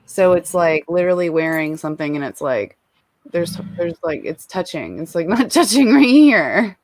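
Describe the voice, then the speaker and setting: A woman's voice: lowish voice, lively intonation, normal speed, darkish tone, no room sound. Woman, guest, casual chat, cheeky, blunt, dry recording. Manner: blunt, cheeky, swears freely.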